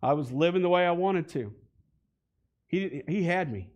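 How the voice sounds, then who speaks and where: Speaking as a guest at a church sanctuary, a man in his forties relates his faith journey, conversational yet building to heated emphasis. His fairly high, slightly mellow voice is animated at normal speed, and the sound is lo-fi.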